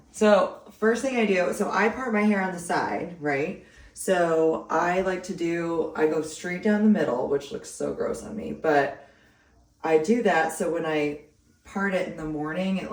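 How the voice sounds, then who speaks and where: Low-voiced chatty woman in an echoey room. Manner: chatty, rambling, giggly. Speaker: vlogger. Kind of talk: casual hair tutorial. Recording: roomy sound, distant from mic.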